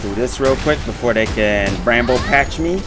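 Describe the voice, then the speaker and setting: Male gamer, fired-up complainer, swears, clear game music underneath. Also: medium pitch, normal speed. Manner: excitable, swears often, complains loudly. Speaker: gamer streaming with a friend. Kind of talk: casual gaming chat.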